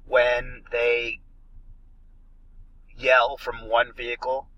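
A man's voice: medium pitch, completely flat delivery, drawn-out words, no echo, lo-fi sound. A man ranting and swearing as he picks apart an action movie in a casual podcast chat. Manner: ranting, profane, emphatic. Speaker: podcast co-host.

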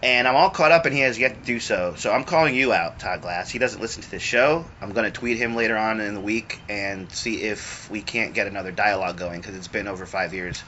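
A man's voice: fairly low pitch, a little fast, hardly any pauses, sharp tone. A man hosting a podcast, chatting and joking crudely with his friend on a back patio. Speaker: podcast host. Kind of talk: casual banter. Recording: dull lo-fi recording with faint noise.

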